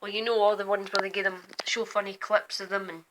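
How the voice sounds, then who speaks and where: A young woman rambling at night from her bedroom window, often slipping into quiet whispers while filming on her phone. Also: medium pitch, little pitch movement, quick pace, background noise. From Scotland. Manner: drifts between quiet whispers and louder asides. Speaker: vlogger. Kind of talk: rambling night-time chat.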